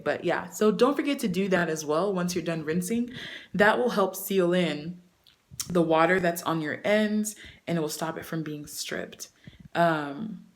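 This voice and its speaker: A young woman talking casually to camera about her hair care, chatty and animated, with many fillers. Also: on the low side. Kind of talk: casual vlog talk to camera.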